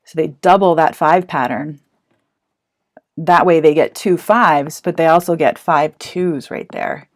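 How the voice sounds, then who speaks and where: A woman's voice: low-pitched, unhurried. A woman teacher explaining a hands-on math activity to parents, chatty and encouraging as she thinks aloud.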